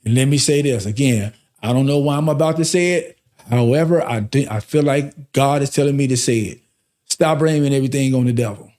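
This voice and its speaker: A man's voice: medium pitch, fairly quick, darkish tone. A man hosting a podcast as a life coach, giving a faith-based motivational talk with emphatic, repeated rhetorical questions.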